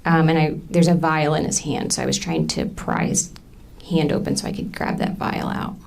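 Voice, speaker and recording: A woman in her thirties testifying in a courtroom, halting and full of ums as she recounts what happened. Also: low-pitched, big pitch swings, vocal fry, a little mellow. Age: 30s. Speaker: trial witness.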